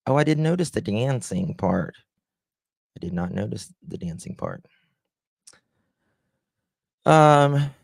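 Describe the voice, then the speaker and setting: A man hosting a true-crime livestream, talking slowly with a gravelly edge in a low-ish voice. He chats casually, greeting viewers by name and reading their comments aloud. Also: no room sound, studio quality.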